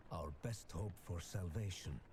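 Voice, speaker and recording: A man giving scripted narration for a game in a grave, measured way. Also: sits low, noisy background.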